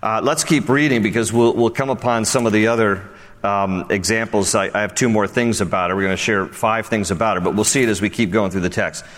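A man preaching a sermon in a conversational way, reading scripture slowly and acting out the quotes. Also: lowish voice, steady tone, a bit bright, big-room sound.

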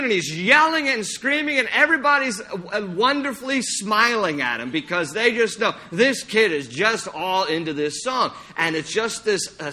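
Animated, bright-voiced pastor preaching. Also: male voice, high-pitched. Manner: animated, acts out anecdotes with playful sung impressions. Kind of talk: sermon. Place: church sanctuary.

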